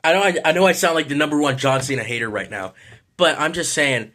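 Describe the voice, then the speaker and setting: A man's voice: medium pitch, lively intonation, fast, pushed and bright. Frustrated man ranting, swearing. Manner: frustrated, rambling, swears a lot, apologetic. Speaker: vlogger. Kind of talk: casual ranting vlog.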